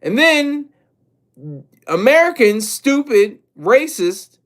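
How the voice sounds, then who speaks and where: A man with a fairly high voice for his sex, talking off the cuff on a live stream. He rambles and circles back, repeating himself and stopping to react to his chat. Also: big pitch swings, slow, fairly bright tone. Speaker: streamer and commentator.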